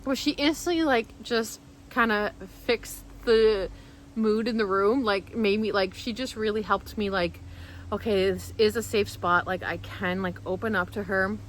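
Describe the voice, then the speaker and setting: A woman's voice: medium pitch, steady tone, unhurried, a little hiss or hum, poor audio. A woman vlogger telling a personal story in casual, emotional, rambling speech full of restarts.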